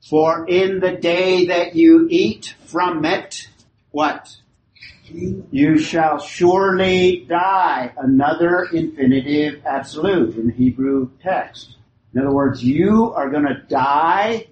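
A man teaching a Bible class, who asks his group questions, repeats their answers and leans hard on key phrases. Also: on the high side. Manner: emphatic, stretches key phrases. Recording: roomy hall recording, faint hiss.

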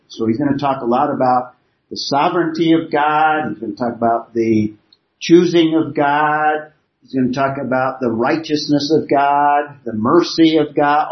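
A man teaching a Bible class, explaining points step by step from an outline on slides. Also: mid-range voice. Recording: roomy, dull lo-fi classroom recording.

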